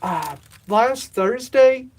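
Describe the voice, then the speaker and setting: A man in his thirties, slightly out of breath, rambles through a casual livestream chat. He fills his talk with asides and self-deprecating remarks. He talks from a warm, humid indoor room. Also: very high-pitched, lively intonation, drawn-out words, slight background noise. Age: 30s. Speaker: livestream host. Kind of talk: casual live-stream chat.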